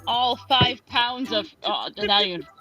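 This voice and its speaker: A woman's voice: fairly high pitch, lively intonation, unhurried, music in the background, poor audio. A woman playing in a tabletop game, speaking hesitantly with fillers. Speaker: player. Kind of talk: casual tabletop game play.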